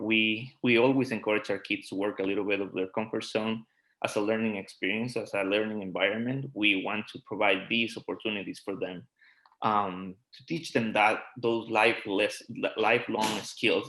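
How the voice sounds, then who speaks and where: Halting, supportive man teacher with a lowish voice. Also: level tone, low-quality recording. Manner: warm, supportive, halting, restarts words. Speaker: PE and health teacher. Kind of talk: presentation on a video call.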